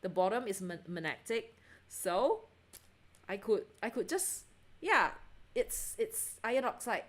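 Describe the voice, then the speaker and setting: Woman livestream host, casual chatter, easily excited, laughs often, talks to her audience. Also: mid-range voice, measured pace, long pauses. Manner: chatty and excitable, lots of self-interruptions and giggles; asks viewers to check things, answers chat.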